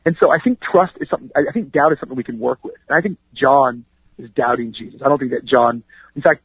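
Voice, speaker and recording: A fast-talking man with a husky voice makes his points with a preacher's energy. He speaks like a pastor, dropping 'you know what I mean' into his sentences. He comes through a dry, tinny phone line. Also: mid-range voice, dry recording. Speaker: pastor and author, interview guest. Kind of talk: conversational radio interview.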